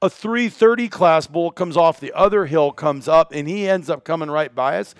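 A man excitedly telling a hunting story in casual chat, acting out quotes and swearing now and then. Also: fairly high pitch, moderate pace, no room sound. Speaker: hunting guide and cameraman.

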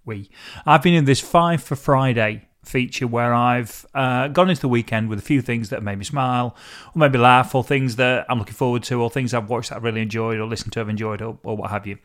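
A man's voice: mid-range voice, fairly quick, a bit bright. A man hosting a casual solo podcast, talking in a rambling, chatty way and often correcting himself mid-sentence. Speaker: podcast host.

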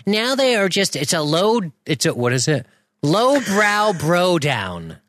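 A man's voice: sits high, big pitch swings, takes it slowly, fairly bright tone, dry recording, clean studio sound, voice pushed up, heavily acted. A man doing a snarky sneering podcast reviewer.

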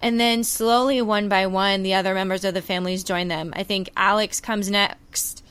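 A woman co-hosting a podcast, warmly retelling a TV scene in a casual, emotional way with many fillers. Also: medium pitch, moderate pace, smooth. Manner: emotional, animated storytelling with fillers. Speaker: podcast co-host. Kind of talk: casual chat reviewing a TV series.

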